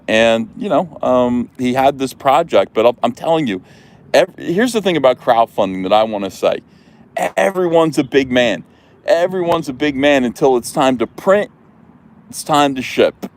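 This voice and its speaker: A man's voice: mid-range voice, a little mellow. A man hosting a livestream as a comics publisher, delivering a rambling, bombastic, mock-patriotic rant full of "uh" fillers.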